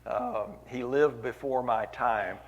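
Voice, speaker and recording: A man's voice: medium pitch, takes it slowly, highs cut off. A man preaching a sermon at a church meeting, earnest, repeating key phrases for weight.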